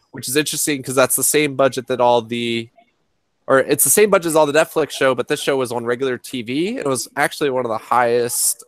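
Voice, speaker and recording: A man's voice: medium pitch, no echo. A man in a casual review chat who explains his points earnestly and repeats them. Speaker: co-host reviewer.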